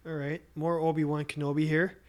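Upbeat co-host, man, higher voice, punchy quote reading. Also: little pitch movement, a little fast. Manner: upbeat, leads the segment, reads quotes with emphasis. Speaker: podcast co-host. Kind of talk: casual chat, reading quotes aloud.

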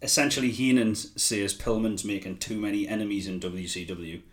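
A man's voice: on the low side, steady tone, brisk. A young man co-hosting a podcast, chatting casually with frequent laughter and swearing. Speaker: podcast co-host. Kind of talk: casual chat recapping wrestling.

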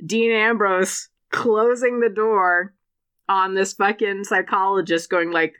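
A woman's voice: medium pitch, fairly even intonation, slow, fairly bright tone, smooth. A woman co-hosting a podcast in casual comedic chat. She swears freely and acts out quotes in silly voices. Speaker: podcast co-host.

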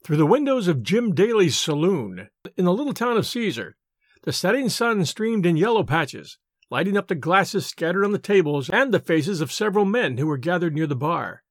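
A man reading classic stories aloud in a measured, dramatic narration. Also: high voice, big pitch swings, no room sound, studio quality. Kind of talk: scripted story narration.

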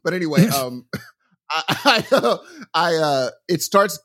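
A middle-aged man on a casual podcast, telling a long story with lots of restarts and asides. His voice sits a bit high for a man, and his tone keeps swinging up and down as he gets worked up. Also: a little slow. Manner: rambling, animated storytelling with restarts. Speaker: podcast co-host. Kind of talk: casual chat.

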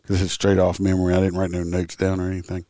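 A man who hosts a podcast and works as a traffic officer tells stories in a casual, rambling, blunt monologue, now and then dropping a curse word. His voice is low, warm and monotone, and he speaks at a quick pace. The recording is dry, with studio quality.

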